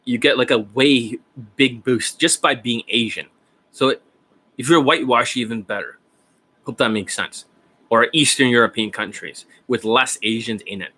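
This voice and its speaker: A man gives dating advice in a loose, rambling livestream, and he swears constantly as he talks. His voice is bright and forceful, at a middle pitch. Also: normal speed, slightly rough. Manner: rambling, profane, often laughing. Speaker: dating coach. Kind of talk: casual rambling livestream talk.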